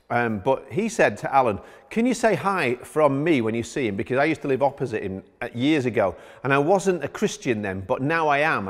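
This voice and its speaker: A middle-aged man, preaching as a pastor who tells a personal story in a conversational way. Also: mid-range voice. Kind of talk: sermon. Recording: long hall reverb.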